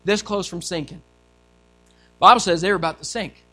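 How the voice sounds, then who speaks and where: A male pastor preaching a sermon, telling a story in an animated way and acting out quotes and sounds. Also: high voice, normal speed.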